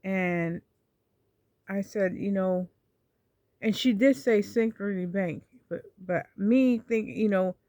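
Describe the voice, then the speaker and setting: A woman's voice: medium pitch, slow, mellow, dry recording. Rambling woman vlogger, dry sound. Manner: rambling, retells dialogue with many restarts. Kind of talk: casual storytelling vlog.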